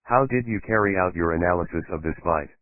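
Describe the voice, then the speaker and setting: A male prosecutor questions a witness in a plain, businesslike way, as a man narrating an audiobook reads him. The voice is very low and dry, with a tinny, phone-like sound. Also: brisk, dry recording, lightly acted.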